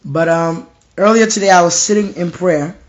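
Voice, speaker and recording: A slightly hoarse young man with a fairly high-pitched voice preaches informally from his home. He speaks with intense, repetitive fervor, sinking to quiet tones when he quotes his own thoughts or God. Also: moderate pace, lo-fi sound. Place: home room.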